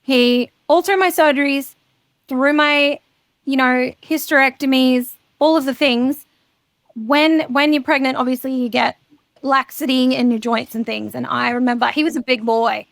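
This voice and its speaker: High, gravelly woman telling her story. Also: steady tone, normal speed, no room sound. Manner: frank, casual, swears freely. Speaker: guest. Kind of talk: candid personal storytelling.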